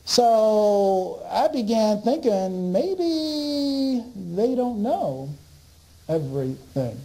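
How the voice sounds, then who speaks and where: A man with a very dark, mellow voice tells his story to listeners at an unhurried pace. His pitch swings widely as he acts out the other people's lines, and he often restarts his sentences. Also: low-quality recording. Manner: animated, acts out dialogue with doctors. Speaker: speaker and author. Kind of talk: storytelling talk.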